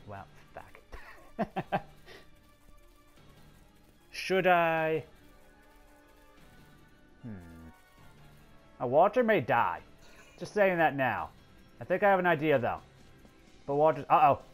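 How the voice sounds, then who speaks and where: A man's voice: fairly high pitch, big pitch swings, takes it slowly, pauses often, faint music behind. A man commenting on his own strategy game play, exasperated and swearing, talking to the characters on screen. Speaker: gameplay commentator.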